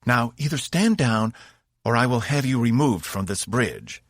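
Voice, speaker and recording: A brave starship captain, a woman, as a male reader puts her on, who answers threats with firm, clipped orders. His voice lifts above its usual low register for her, with lively pitch and a dry, close sound. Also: a little slow, no echo.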